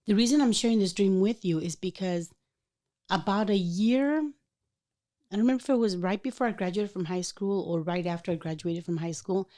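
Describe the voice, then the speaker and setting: A woman hosting a podcast, chatting casually and telling a personal story in an animated way, acting out the voices of people in it. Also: mid-range voice, normal speed. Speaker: podcast host.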